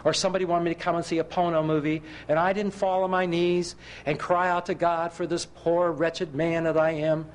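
A man's voice: a little high, level tone, brisk, few pauses. A middle-aged man preaching a sermon, telling personal stories with self-mocking humor and asking his listeners rhetorical questions.

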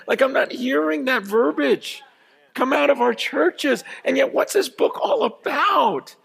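A pastor preaching a sermon, swinging from loud, urgent shouting down to hushed, intimate murmuring. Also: male voice, extremely high pitch, expressive, unhurried, creaky, breathy edge, in a large hall.

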